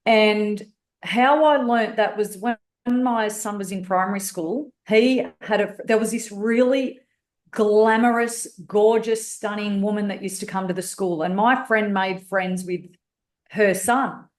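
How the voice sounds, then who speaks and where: A woman's voice: medium pitch, fairly even intonation, unhurried, echoey room. A woman with an Australian accent telling her life story candidly as a podcast guest, blunt and swearing freely. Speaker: guest speaker and author.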